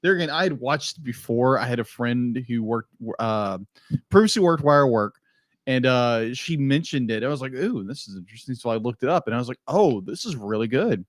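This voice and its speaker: A man's voice: medium pitch, brisk, dry recording, clean studio sound. A man co-hosting a podcast in casual review chat, easygoing and enthusiastic, with lots of fillers. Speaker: podcast co-host.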